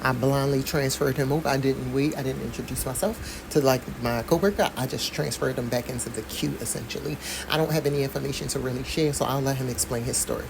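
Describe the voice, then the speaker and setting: A woman's voice: extremely low pitch, fast, vocal fry, hardly any pauses, noisy background. A woman vlogger giving blunt, profane commentary on the story she is reading aloud. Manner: blunt and profane, speaks frankly, asides with laughs. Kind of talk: casual commentary while reading a news article.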